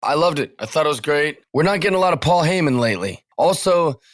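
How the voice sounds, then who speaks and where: A man's voice: a little high, expressive, quick pace, no echo, studio quality. A man co-hosting a casual wrestling podcast, asking questions in a curious, self-deprecating way. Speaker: podcast co-host.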